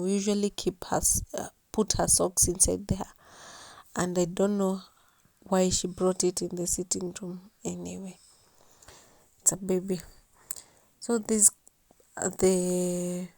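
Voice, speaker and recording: Sleepy soft-spoken woman narrating. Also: mid-range voice, dry recording. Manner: sleepy, soft-spoken, occasional whispered words. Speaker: vlogger doing a cleaning voiceover. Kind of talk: casual voiceover narration.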